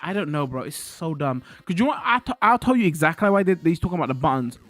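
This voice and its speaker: A man's voice: a little high, lively intonation, fast, few pauses, fairly bright tone, soft background music. A man ranting animatedly to his livestream chat, swearing and restarting his sentences. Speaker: streamer.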